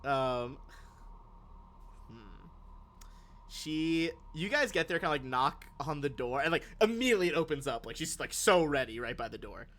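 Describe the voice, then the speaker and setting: A man narrating a tabletop game with a lively, swooping voice, full of likes and ums. A faint hiss sits under his casual streaming talk. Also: a little high, normal speed. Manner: loose, filler-heavy, thinking aloud. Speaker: game master.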